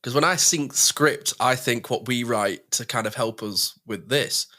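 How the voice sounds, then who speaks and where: An English man co-hosting a podcast, chatting casually and animatedly with quick asides. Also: mid-range voice, sharp tone. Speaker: podcast co-host. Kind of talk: casual chat.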